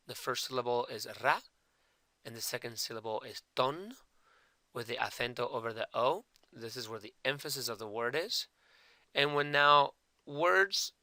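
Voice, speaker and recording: A man teaching Spanish grammar in English, speaking slowly and deliberately, repeating and spelling out each example and mixing Spanish words into his explanation. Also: medium pitch, bright, forceful tone, clean tone, no room sound.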